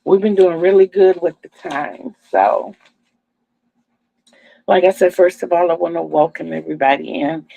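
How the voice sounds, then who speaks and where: A woman's voice: lowish voice, fairly even intonation, moderate pace, gravelly, dark tone, no echo, poor audio. A woman in her sixties from Virginia, hosting her crochet channel in a homey, chatty livestream and calling her viewers "y'all". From Virginia, USA. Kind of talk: casual livestream chat.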